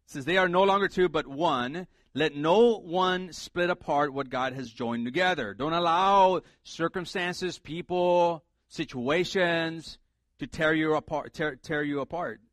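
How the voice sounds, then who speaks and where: A middle-aged man delivers a sermon in a relaxed, joking manner, hammering home his points by repeating them. His voice sits a little higher than most men's. The recording is dry and close, with no room echo. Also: measured pace. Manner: conversational, humorous preaching with emphatic repetition. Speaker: pastor.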